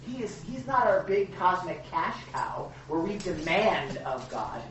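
Man teaching Bible, animated, joking, expressive pitch, echoey room, distant mic. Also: measured pace, highs cut off, slight background noise.

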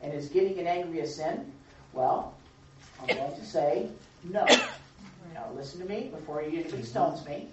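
A man leading an interactive Bible lesson, asking the group questions and affirming their answers in a lively way. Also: a little high, normal speed, heavy background noise. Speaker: teacher leading a Bible class. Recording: echoey room, distant mic, dull sound.

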